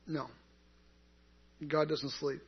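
A man's voice: fairly high pitch, flat delivery, drawn-out words, husky. A man teaching an interactive Bible class in a conversational way, asking the group questions and answering them himself. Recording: dull lo-fi recording.

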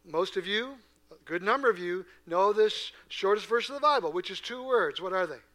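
Male pastor, raised pitch, bright tone, earnest sermon in church with big swings in loudness. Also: lively intonation, normal speed. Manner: earnest, swings from hushed asides to loud emphatic preaching; asks the congregation rhetorical questions. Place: church before a congregation.

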